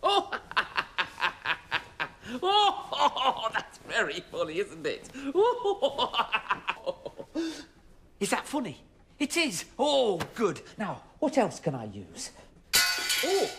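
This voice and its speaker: A man's voice: sits high, huge pitch swings, slow, creaky, pauses often, slight background noise, full character voice. A man playing a cheerful, fussy engine driver in a children's show, talking to viewers with exaggerated expression. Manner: exaggerated, chatty, addresses viewers. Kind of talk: children's TV acting.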